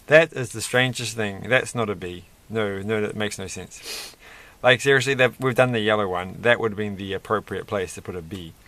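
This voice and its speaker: Rambling, lower-voiced man building toys. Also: normal speed, fairly bright tone. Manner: rambling, chatty and self-deprecating. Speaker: host. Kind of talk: casual toy-building commentary.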